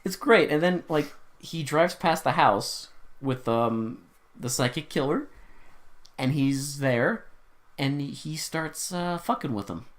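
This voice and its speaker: A man's voice: on the high side, slow. A man co-hosting a casual podcast, retelling a movie's plot and acting out the characters' lines. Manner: animated, acts out characters' lines, swears. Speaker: podcast co-host. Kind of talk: casual movie recap chat.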